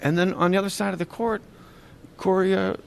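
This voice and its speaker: A middle-aged man hosting a casual sports podcast, joking and rambling excitably. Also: high voice, fairly quick, gravelly, slight background noise. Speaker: podcast host. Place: arena after a game.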